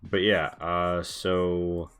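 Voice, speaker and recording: Very low voiced guy playing a tabletop game, rambly with lots of likes and ums. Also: flat delivery, very slow, fairly bright tone, smooth, soft background music. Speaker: player. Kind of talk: casual tabletop game chat.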